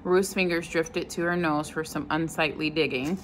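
A woman reading a novel chapter aloud at an unhurried pace, now and then stopping to comment on the story. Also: deep voice, steady tone, a little hiss or hum, low-quality recording. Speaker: reader.

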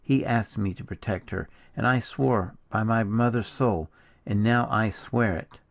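A man's voice: on the low side, a little slow, vocal fry, lo-fi sound. A man reading aloud, voicing a passionate, loyal young Spanish woman in an audiobook. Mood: pleading. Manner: pleading, rising and emotional.

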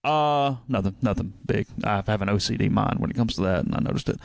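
A man co-hosts a sports podcast in a casual, brisk way, rattling off updates before chatting with his partner. His voice is smooth and resonant at a middling pitch. The sound is dry and close, with no room echo. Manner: brisk, plugs site content in a run-on way. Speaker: podcast co-host.

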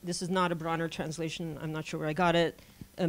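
A woman giving an academic conference lecture, speaking in a measured scholarly way with frequent pauses and self-corrections. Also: sits low, flat delivery.

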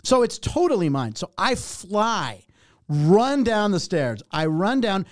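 A middle-aged man, a comedian and warm-up host, telling an animated, profane story and acting out other people's lines. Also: high-pitched, takes it slowly, no room sound, studio quality. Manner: animated, profane, acts out other voices in anecdotes. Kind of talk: casual storytelling.

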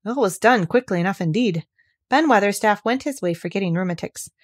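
A woman reads a classic children's novel aloud in steady, clear narration. Her voice sits at an ordinary middle pitch. The recording is dry and close. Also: fairly quick, dry recording. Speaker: audiobook reader. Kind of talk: scripted narration.

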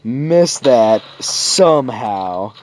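Male gamer, sick-sounding, unhurried, lively pitch, sardonic commentary over loud game gunfire. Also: slight background noise. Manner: laid-back, sardonic, swears casually. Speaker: gaming commentator. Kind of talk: casual commentary over gameplay footage.

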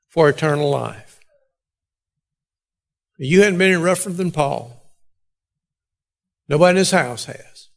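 Male preacher, high-pitched voice, deliberate sermon pacing with weighty pauses. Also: a bit bright. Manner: measured delivery with slow, emphatic pauses. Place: church sanctuary.

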